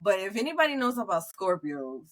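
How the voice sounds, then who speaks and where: A woman's voice: mid-range voice, sing-song, brisk. A young woman talking candidly on a podcast, swearing freely and fighting back tears as she speaks about friendship. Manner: candid, profane, tearful at times, quoting herself loudly. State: close to tears. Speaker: podcast co-host. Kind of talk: emotional casual chat.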